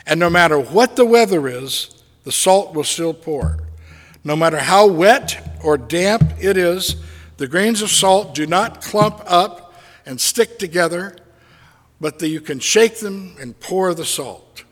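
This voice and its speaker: A man preaching a sermon as a pastor, slow and deliberate with dramatic pauses. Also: high-pitched, expressive, in a large hall.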